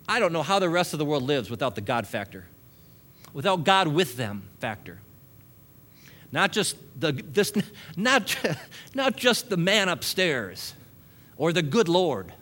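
A man's voice: a little high, a bit bright. Chuckling male preacher. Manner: preaching with frequent chuckles, building repetitive lists. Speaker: pastor. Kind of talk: sermon.

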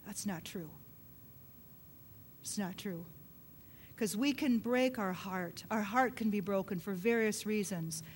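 A middle-aged woman preaching a sermon, telling a personal story earnestly and dropping to a soft hush at emotional points. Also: slow, pauses often. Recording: long hall reverb with faint low rumble.

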